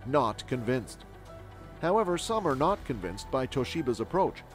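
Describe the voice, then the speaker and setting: A man reading scripted tech news narration in an even, steady way. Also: fairly high pitch, a little fast, soft background music.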